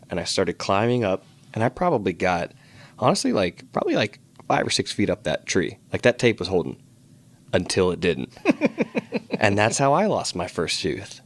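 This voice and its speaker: A man from Virginia co-hosting a podcast, chatting casually with playful, teasing questions. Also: deep voice. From Fairfax, Virginia, USA. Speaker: podcast co-host. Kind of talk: casual chat.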